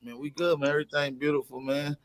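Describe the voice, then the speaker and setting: A man's voice: on the high side, little pitch movement, quick pace. Slangy man hosting a casual livestream. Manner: slangy, reads out and greets chat viewers; plugs merch with repeated calls to shop. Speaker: livestream host.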